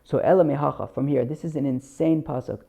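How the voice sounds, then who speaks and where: A man hosting a podcast lesson on the Talmud, reading Hebrew and Aramaic phrases and translating them in a halting, casual way full of fillers and restarts. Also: fairly high pitch, fairly even intonation, creaky, dark tone. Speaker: podcast host teaching Talmud.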